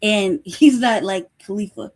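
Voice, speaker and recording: A woman with a medium-pitched, unhurried voice hosts a casual live chat. She tells animated stories, laughs often and swears freely.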